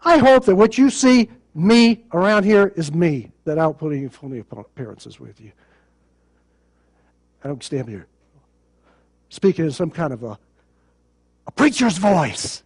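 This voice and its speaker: A man's voice: a little high, expressive, measured pace, long pauses, darkish tone, breathy edge. A male pastor preaching a sermon in a plain conversational way, with sarcasm and rhetorical questions.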